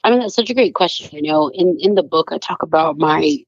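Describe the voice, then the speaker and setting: A lowish-voiced woman in her thirties chats as an interview guest. She talks fast and animated, full of fillers. The sound is dry and a bit dull. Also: no room sound. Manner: animated, chatty, many "like"s and playful put-on voices. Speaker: author and guest. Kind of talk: casual interview chat.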